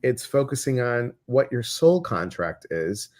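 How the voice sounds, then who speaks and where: A man with a Midwestern American accent hosting a casual livestream chat, talking in an animated way with many fillers and restarts. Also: medium pitch, unhurried. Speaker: host.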